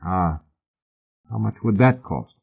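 A male reader voicing a reserved, weary Victorian gentleman who speaks in clipped, restrained lines, in an audiobook. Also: fairly low pitch, lively intonation, slow pace, heavily acted. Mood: terse. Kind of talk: audiobook character voice. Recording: husky voice on a tinny phone-like line.

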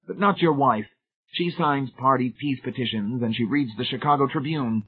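A man voicing a booming, authoritative godlike giant who is a blunt party zealot. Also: moderate pace, slightly rough, natural voice. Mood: lecturing. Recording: tinny phone-like sound.

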